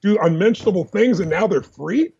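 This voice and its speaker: A man as a podcast guest, telling personal stories in an animated, emphatic, fast-flowing way. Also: high-pitched, vocal fry, slightly rough, lo-fi sound. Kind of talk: energetic personal storytelling.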